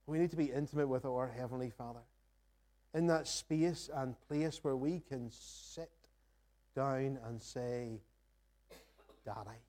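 A man's voice: mid-range voice, normal speed, dark tone. A man preaching a sermon in church, earnest and reflective, reading scripture and posing questions to the congregation. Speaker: pastor. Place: church sanctuary.

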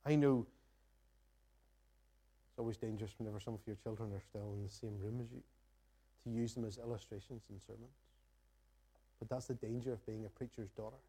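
A man's voice: lowish voice, fairly even intonation, fairly quick, pauses often, mellow, breathy edge. A man preaching a sermon in church, earnest and reflective, reading scripture and posing questions to the congregation. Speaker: pastor. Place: church sanctuary.

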